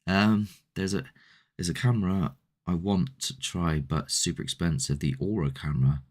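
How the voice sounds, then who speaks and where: A man's voice: sits low, steady tone, normal speed. A man hosting a paranormal channel, rambling and chatty as he answers viewer comments in a casual live stream.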